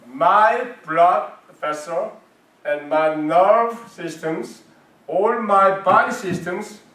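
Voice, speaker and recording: A man's voice: high-pitched, drawn-out words, a bit bright. A man, a martial arts grandmaster, teaching a health class in broken, emphatic English, asking questions and answering them himself. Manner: emphatic, non-native phrasing, asks and answers his own questions. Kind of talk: class instruction. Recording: roomy sound from a distant mic.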